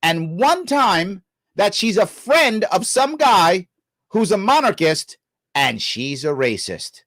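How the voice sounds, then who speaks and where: A middle-aged man hosts a live reaction stream, scolding and sarcastic as he argues with a clip. His pitch swings widely from low grumbles to sharp high jabs. The sound is close and dry. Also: takes it slowly, dry recording. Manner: animated, scolding, sarcastic, swearing. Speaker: show host reacting to a clip. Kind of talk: heated live-stream commentary.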